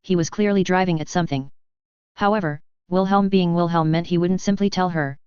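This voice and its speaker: A narrator reading a fan fiction story aloud in a steady, even storytelling voice. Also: mid-range voice, brisk, clean tone, no room sound. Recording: dry, slightly dull lo-fi recording.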